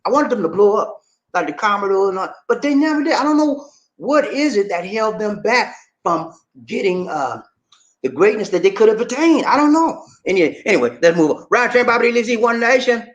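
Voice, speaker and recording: This livestream host keeps things easygoing as he goes through viewer comments, chuckling frequently and calling folks "man" or "buddy." His intonation is lively, dipping into low asides and rising into high exclamations, at a normal pace.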